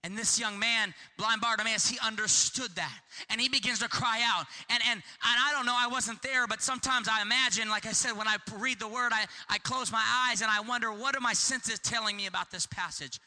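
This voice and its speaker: A man preaching a sermon with passion, repeating himself and acting out shouted pleas. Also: high-pitched, fairly even intonation, fairly quick, few pauses, long reverb tail. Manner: impassioned, repetitive, acts out shouted pleas.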